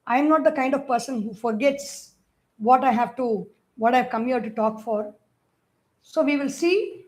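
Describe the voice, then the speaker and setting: A woman with an Indian English accent giving a spiritual discourse, telling lively stories and chanting Sanskrit verses. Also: high-pitched. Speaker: spiritual teacher.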